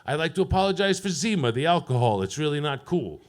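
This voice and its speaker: A man works an open mic stage with a profane, deadpan stand-up set, ribbing people in the crowd. His voice sits high for a man. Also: quick pace. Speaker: stand-up comedian. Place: comedy club stage.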